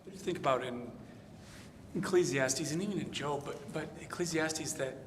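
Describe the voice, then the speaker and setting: A man's voice: fairly high pitch, moderate pace, a little hiss or hum. Male student, tentative and thoughtful, distant in a roomy hall. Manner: thoughtful, searching, uses "like" often. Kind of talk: class discussion. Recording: reverberant room from a distance.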